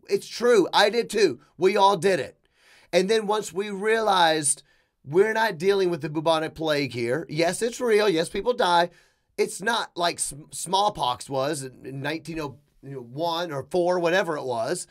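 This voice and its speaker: A middle-aged man hosting a podcast, delivering an opinionated monologue with emphatic bursts, quick asides and mocking quoted voices. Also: sits high, animated. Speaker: podcast host.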